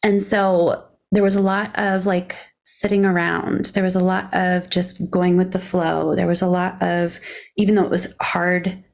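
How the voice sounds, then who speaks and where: A woman's voice: fairly low pitch, flat delivery, a little slow, vocal fry. A woman entrepreneur speaking as a podcast guest, candid and frank, with frequent laughs. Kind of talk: casual interview chat.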